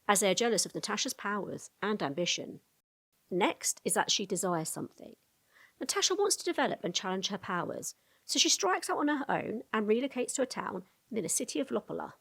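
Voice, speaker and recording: A woman narrating a fantasy lore explainer video in a brisk storytelling tone, with casual asides to the viewer. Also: mid-range voice, big pitch swings, vocal fry, slightly rough.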